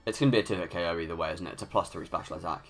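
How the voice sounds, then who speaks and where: A young gaming YouTuber gives live commentary over a video game in a low voice, racing along with soft music behind him. He thinks aloud, often restarts sentences and rants when things go badly.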